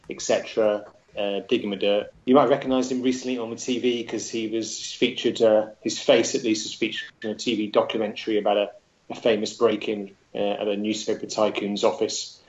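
Man, game player, hesitant casual talk, flat delivery, muffled lo-fi recording. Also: lowish voice. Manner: hesitant, lots of fillers. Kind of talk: casual chat. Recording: dull lo-fi sound.

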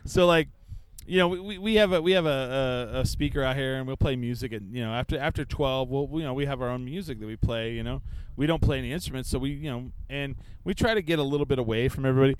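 A man interviewing casually at an outdoor festival campground, telling stories in a rambling, quick way full of fillers. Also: mid-range voice, slight background noise, rough recording.

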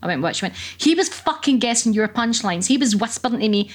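A middle-aged woman with a Scottish accent, a comedian telling lively, profane anecdotes in casual conversation. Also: on the high side, fast talker. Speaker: comedian guest. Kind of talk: casual chat.

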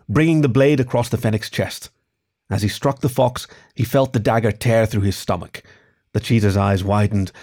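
A man hosting a podcast and narrating a story in a lively, expressive reading style. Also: fairly low pitch, creaky.

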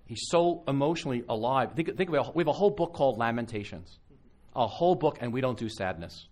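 Here a male pastor with a mid-range voice talks fast, giving a conversational sermon at a live conference. He's animated and keeps restarting as he tells his stories.

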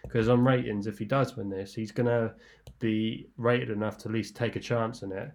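A man giving horse racing tips in a relaxed, rambling way, with lots of fillers and restarts. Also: on the low side, normal speed, slight background noise. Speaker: racing tipster guest. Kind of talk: casual racing tips discussion.

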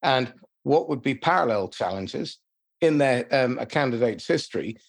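A man hosting an interview, asking questions in a measured, thoughtful way. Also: medium pitch, lively intonation, vocal fry.

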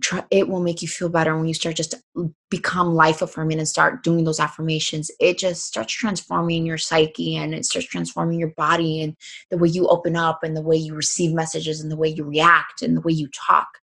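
A woman's voice: low-pitched, a little fast, gravelly. A woman speaking as a podcast guest in casual conversation, emphatic and upbeat, swearing freely. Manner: lively, varies between calm and excited.

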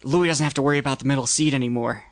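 A man, a stand-up comedian guest, talking casually in halting, rambling complaints. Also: medium pitch. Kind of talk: casual chat.

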